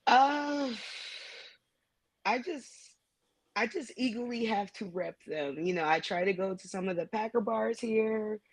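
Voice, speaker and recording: A woman's voice: fairly high pitch, unhurried, no echo, poor audio. A woman from Wisconsin, a guest on a sports talk show, chatting casually with lots of hesitant fillers. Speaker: guest contributor.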